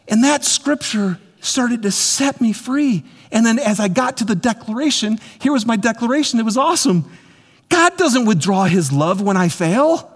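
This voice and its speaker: A man preaching a sermon as pastor, animated and repetitive, speaking straight to his congregation. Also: high voice, moderate pace. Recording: long hall reverb.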